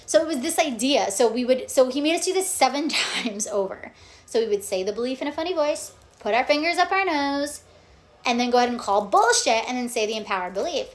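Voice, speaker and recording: A woman vlogger telling her own story in casual, animated chat, often checking in with "okay?" and "like". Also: sits high, fairly quick. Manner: animated, acts out quotes, frequent "okay?" and "like".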